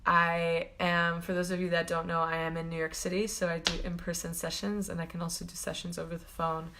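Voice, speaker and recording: A woman's voice: fairly low pitch, little pitch movement, fairly quick, noisy background. A woman hosting a live stream as a spiritual coach, gushing and affectionate, laughing often and rambling loosely with lots of fillers. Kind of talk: live-stream talk to viewers.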